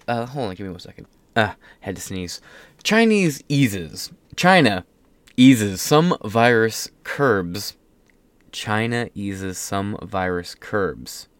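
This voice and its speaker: A man's voice: on the low side, fairly bright tone, clean tone, dry recording. A young man hosting a casual commentary show, reading news aloud with rambling, profane asides and off-the-cuff remarks. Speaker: political commentary host.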